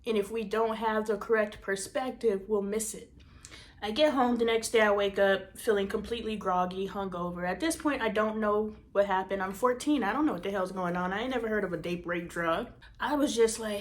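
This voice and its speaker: A woman podcast host telling an emotional personal story, candid and profane, moving from emphatic bursts to hushed near-whispers. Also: medium pitch, fairly quick.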